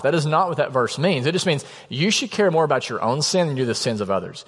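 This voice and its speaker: With a fairly high, a bit bright voice and lively intonation, a pastor preaches quickly with hardly any pauses. His conversational sermon, full of acted-out quotes, rings through a church sanctuary with long hall reverb.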